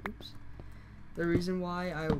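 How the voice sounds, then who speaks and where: A hoarse game tutorial host who is losing their voice, explaining steps casually with fillers and frequent self-corrections. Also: medium pitch, little pitch movement, measured pace, background noise. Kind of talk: casual screen-recorded tutorial.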